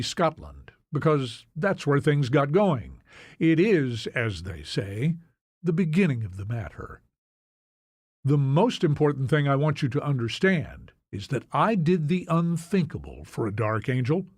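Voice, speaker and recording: A man narrating an audiobook in a measured, solemn storytelling manner. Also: a little high, no room sound, clean studio sound.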